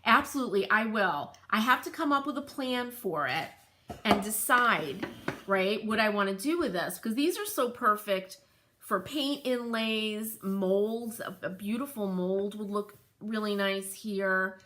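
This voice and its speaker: A middle-aged woman with a New England accent hosting a livestream show and tell, gushing and excitable and laughing often as she reads viewer comments. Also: medium pitch. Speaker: host of a furniture painting livestream.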